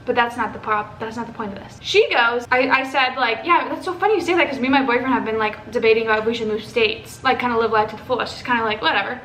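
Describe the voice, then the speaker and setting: High bright chatty young woman. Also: quick pace, hardly any pauses. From Texas. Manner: animated, swearing, quoting others in a raised voice. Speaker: vlogger. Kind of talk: casual story time. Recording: echoey room with faint ambient noise.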